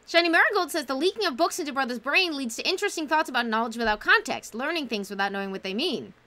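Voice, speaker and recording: A woman's voice: sits high, lively intonation, fast talker, pushed and bright. A woman hosting a casual livestream book club, talking enthusiastically and reading out chat comments.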